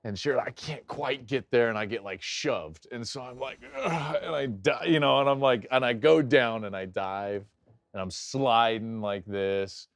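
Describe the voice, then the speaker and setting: Man, middle-aged, sports host, watch-along commentary, animated storyteller, mid pitch, dry close sound. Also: moderate pace, no echo. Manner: animated, jumps into loud acted-out anecdotes. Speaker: host and game analyst.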